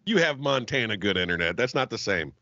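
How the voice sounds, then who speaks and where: A man's voice: fairly low pitch, expressive, brisk, bright, forceful tone, no room sound, lo-fi sound. A man co-hosting a comedy podcast over a call, ranting in crude, mock-angry banter. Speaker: podcast co-host. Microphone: remote call mic.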